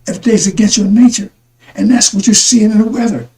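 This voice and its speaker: A man's voice: high-pitched, fairly even intonation, fast talker, gravelly, warm tone, low-quality recording. A man giving a rambling religious talk to his listeners, repeating himself and calling them brothers and sisters. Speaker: religious broadcaster.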